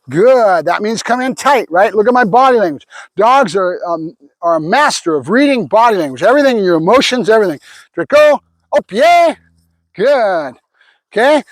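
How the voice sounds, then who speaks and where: A man working as a dog trainer, explaining his method step by step and breaking off to give his dog short commands and quick praise. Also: high-pitched, no echo. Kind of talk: casual training demonstration.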